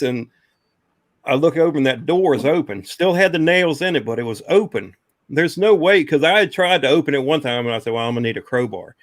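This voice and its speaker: A man of middle pitch spins a rambling ghost story, stopping often for "um" and "you know". The sound is close and dry, with no room around it. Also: dry recording. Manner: rambling, drawling, many fillers. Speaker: guest telling a ghost story. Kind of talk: casual storytelling.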